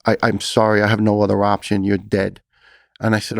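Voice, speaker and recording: A man's voice: on the low side, completely flat delivery, brisk, vocal fry, dry recording, studio quality. A middle-aged man with a New York accent, a former firefighter telling his story as a podcast guest, talking intensely and earnestly with frequent restarts. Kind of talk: conversational storytelling.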